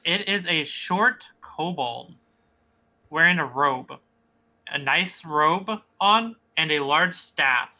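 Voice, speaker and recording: A casual game master narrating a fantasy scene in a very bright, clear voice. They ramble and restart, searching for the right words. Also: medium pitch, expressive, slow pace, lo-fi sound. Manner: casual and rambling, with many fillers.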